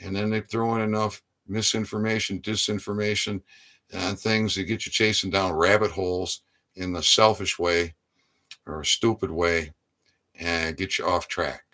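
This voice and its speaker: A man delivering a preachy political rant, exhorting his listeners and often rising into loud, emphatic outbursts. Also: sits low, fairly even intonation, moderate pace. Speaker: online commentator.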